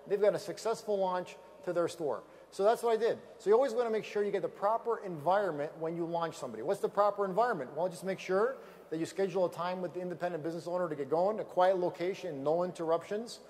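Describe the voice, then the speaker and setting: Fast, high-voiced motivational speaker man. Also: in a large hall. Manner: energetic, emphatic, repeats key phrases for effect. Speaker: business opportunity speaker. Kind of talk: motivational stage talk. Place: event stage with slides.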